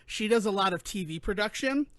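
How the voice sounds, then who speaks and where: A man co-hosting a podcast, chatting casually in an animated, rambling way that keeps interrupting itself. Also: high-pitched, a little fast, dry recording, studio quality. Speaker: podcast co-host. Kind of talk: casual chat.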